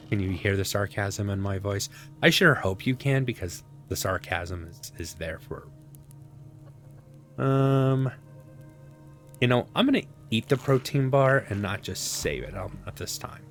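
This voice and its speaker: Over faint music, a man casually comments on his own survival gameplay in a low, animated, unhurried voice. It's let's-play chatter, rambling to himself with sarcastic asides.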